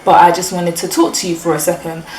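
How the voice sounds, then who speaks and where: Creepy persistent male stranger, low muttering delivery, voiced by a woman narrator, recorded at a distance from the mic. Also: completely flat delivery, fast talker, a little mellow, roomy sound, slight background noise, natural voice. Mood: smooth-talking. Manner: low muttering under the breath.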